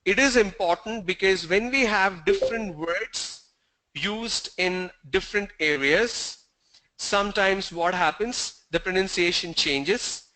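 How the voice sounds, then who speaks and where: A male teacher with a high, bright voice gives an online pronunciation lesson over a video call. He talks slowly and deliberately, stopping to ask the class questions and going back over key points. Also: poor audio.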